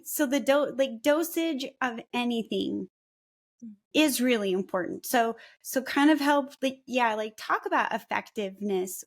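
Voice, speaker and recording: A woman podcast co-host and parent who talks with a hesitant, filler-filled manner. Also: a little high. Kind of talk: podcast conversation.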